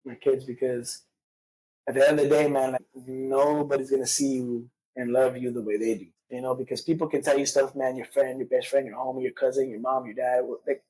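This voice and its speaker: Fast, raspy-voiced guy telling his past straight, cursing a lot, loose street talk. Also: medium pitch, steady tone, dark tone, low-quality recording. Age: adult father. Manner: rapid, profane, street slang, frequent fillers. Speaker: podcast guest. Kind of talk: candid personal storytelling.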